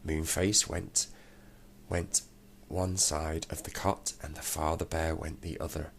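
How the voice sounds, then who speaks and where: A man reading a children's storybook aloud, steady and unhurried. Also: rumbling low, creaky, a little hiss or hum.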